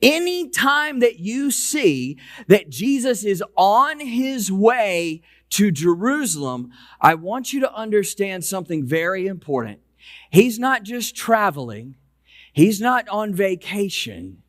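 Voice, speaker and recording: A male pastor preaching a conversational sermon, slowing down and dropping his voice to stress key points. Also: sing-song, fairly bright tone, no room sound, clean studio sound. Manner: slows and lowers voice for emphasis; conversational preaching with repeated restarts. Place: church sanctuary.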